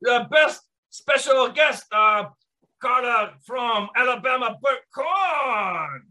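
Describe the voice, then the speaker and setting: A man doing a loud mock-Russian host with a high, piercing voice and a thick fake accent that keeps drifting toward French. He barks his announcements in broken English, all bluster and showmanship. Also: very animated, a little slow, heavily acted. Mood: bombastic. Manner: shouty, bombastic announcing. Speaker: podcast host.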